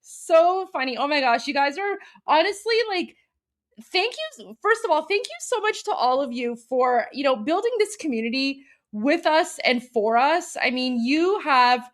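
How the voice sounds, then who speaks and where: High, excitable woman host. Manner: excitable, gasping, quick bursts of delight. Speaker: livestream host. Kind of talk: live reaction commentary.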